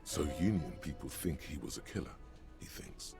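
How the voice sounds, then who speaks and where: A man voicing the gravelly, portentous inner narrator of a detective video game. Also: a bass voice, expressive, over music, full character voice. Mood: solemn. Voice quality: gravelly, slow, portentous delivery.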